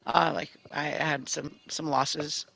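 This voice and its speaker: A woman co-hosting a gaming podcast in casual chat, telling animated stories, acting out quotes and laughing often. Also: low voice, slow pace, creaky, no room sound, rough recording. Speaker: podcast co-host.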